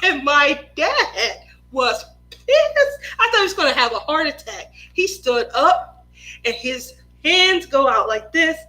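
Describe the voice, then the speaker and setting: High, bright-voiced woman telling a story. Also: slow pace, rough recording. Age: adult mother of two. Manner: animated, laughs often, acts out family members' lines. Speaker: craft livestream host. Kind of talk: casual storytelling on a livestream.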